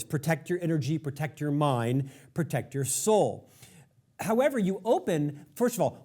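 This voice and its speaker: A male podcast host introducing his guest with admiring, deliberate emphasis. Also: a little high, warm tone. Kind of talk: interview.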